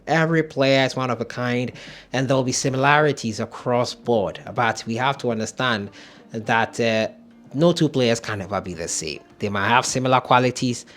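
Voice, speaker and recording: A man's voice: mid-range voice, fairly bright tone. A man hosting football news, giving opinionated commentary as he thinks aloud. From Ghana.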